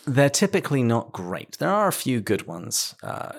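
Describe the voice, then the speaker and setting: A British man hosting an interview, speaking in a measured way with dry understatement. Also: mid-range voice, sing-song, gravelly. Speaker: podcast host. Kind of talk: interview conversation.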